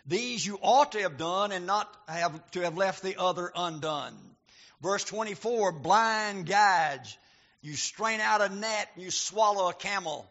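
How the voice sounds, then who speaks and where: A male preacher giving a sermon, reading scripture and building to emphatic, shouted points. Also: high-pitched, a little slow. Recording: dull lo-fi recording.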